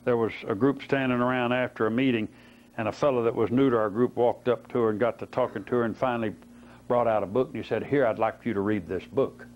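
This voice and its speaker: Male preacher teaching scripture, folksy and questioning, mid pitch, dull lo-fi tape sound. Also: fairly even intonation, fast, a little hiss or hum. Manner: folksy storytelling, rhetorical questions. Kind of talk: Bible teaching sermon.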